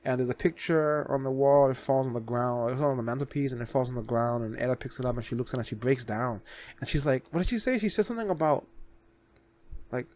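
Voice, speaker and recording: A man's voice: medium pitch, fast talker, darkish tone. Rambling man recapping a show. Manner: rambling, full of restarts, swears casually. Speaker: reaction video host. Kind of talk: casual recap and commentary.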